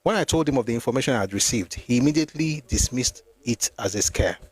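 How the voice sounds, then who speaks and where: A man's voice: mid-range voice, expressive, husky, dry recording. Man reading history aloud. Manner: reads steadily, pauses to comment and reread. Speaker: history channel host. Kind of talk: reading a memoir aloud with commentary.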